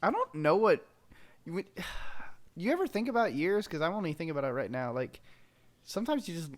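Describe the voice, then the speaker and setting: A man's voice: on the high side, sing-song, fairly quick. A man hosting a casual movie podcast, stuffy and sick, laughing often and swearing loosely. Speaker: podcast host. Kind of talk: casual chat.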